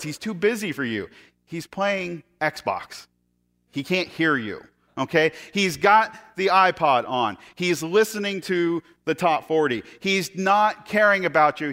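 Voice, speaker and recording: Joking, animated male preacher. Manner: animated storytelling with sarcastic asides and laughs; acts out quoted speech in higher and lower voices. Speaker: pastor. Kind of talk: sermon.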